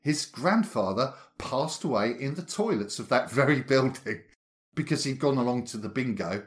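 Laughing, lively man. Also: medium pitch, moderate pace. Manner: laughing anecdote-teller. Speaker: podcast co-host. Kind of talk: casual chat.

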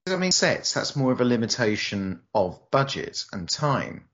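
A man from Britain co-hosting a podcast, opinionated and lively in casual chat. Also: medium pitch, moderate pace, lo-fi sound. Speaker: podcast co-host.

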